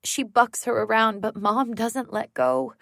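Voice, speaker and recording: Slow, tense woman narrator. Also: a little high, very animated, creaky, fairly bright tone, dry recording, clean studio sound. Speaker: audiobook narrator. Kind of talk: first-person thriller narration.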